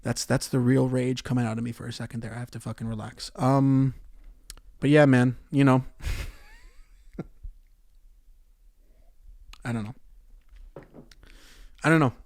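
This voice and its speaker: Man, comedic podcast rant, profane, loud bursts and mumbled asides, average pitch, dry close sound. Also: flat delivery, unhurried, gravelly, pauses often, dry recording. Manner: profane, ranting, swings from loud outbursts to muttered asides.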